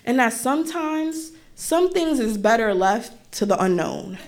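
A woman's voice: fairly high pitch, measured pace. A young woman telling a funny personal story on stage, acting out her relatives' voices with lots of energy. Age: young adult. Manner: animated, acts out relatives' voices.

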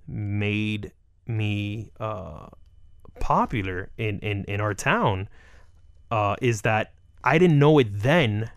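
A man's voice: lowish voice, dry recording, studio quality. A man, a comedian, telling stories in a casual interview, acting out quotes and laughing as he goes. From South Florida. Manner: animated, acts out quotes with laughs. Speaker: comedian guest.

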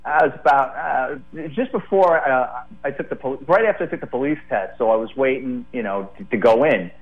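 A man's voice: mid-range voice, soft background music. A middle-aged man, a retired police detective, telling stories as a guest on a call-in show. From the Bronx, New York. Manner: animated, quick to tell a funny story. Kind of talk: casual storytelling. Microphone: phone call. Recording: tinny phone line.

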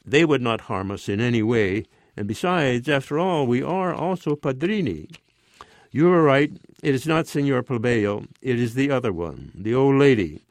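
A man's voice: mid-range voice, animated, normal speed, no room sound, natural voice. A fretful peasant wife from a read-aloud story, poor and self-pitying, pressing her husband with insistent pleas, as a man reads her part. The voice is close and dry, with no room around it. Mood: pleading. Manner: pleading, insistent.

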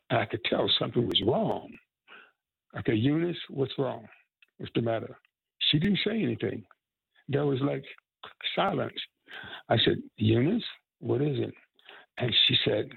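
A man's voice: mid-range voice, very animated, normal speed, creaky, pauses often, husky, no echo, phone-quality sound. A man in his eighties from North Carolina, telling heartfelt stories in an earnest interview. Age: 80s. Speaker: musician and activist.

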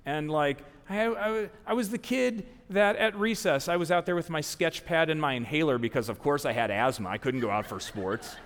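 Animated man telling a story on a theater stage. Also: high voice. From American South. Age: 40s. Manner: animated, self-mocking, acts out quoted people. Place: large theater stage before an audience. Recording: long theater hall reverb.

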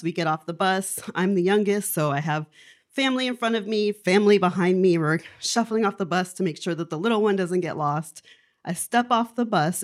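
A woman telling her own life story to a live audience in a candid, wry, conversational way. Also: on the low side. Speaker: storyteller on stage.

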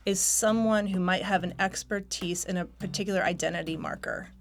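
A woman's voice: mid-range voice, fairly even intonation, brisk. A woman from North Carolina who has lost her accent, a novelist telling stories in a candid, self-deprecating radio interview and laughing often. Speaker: novelist guest.

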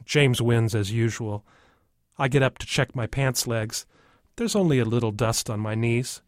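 A man's voice: medium pitch, normal speed, dry recording, studio quality. Man reading a first-person story. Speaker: audiobook narrator.

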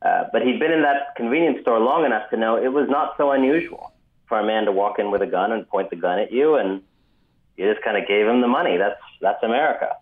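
A man telling a story as an author guest in a radio interview, measured with frequent ums, heard over a phone line. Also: fairly low pitch, animated. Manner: measured, many ums, vivid retelling.

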